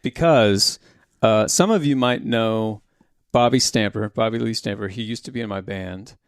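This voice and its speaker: A man's voice: fairly low pitch, moderate pace, no echo, studio quality. A man in his thirties co-hosting a casual podcast, chatting in a playful, joking way. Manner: playful, joking banter with laughs. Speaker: podcast co-host. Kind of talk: casual chat.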